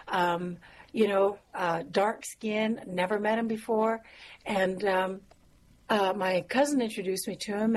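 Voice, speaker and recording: A woman songwriter telling stories about her songs in a relaxed interview, pausing with fillers and soft laughs. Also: medium pitch. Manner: warm, reflective, frequent fillers and soft laughs. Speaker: songwriter and musician guest. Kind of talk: casual interview conversation.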